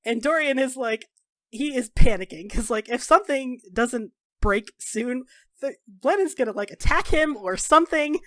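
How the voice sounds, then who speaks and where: A woman narrating as game master of a tabletop game, animated and chatty with casual fillers. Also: high voice, normal speed, dry recording.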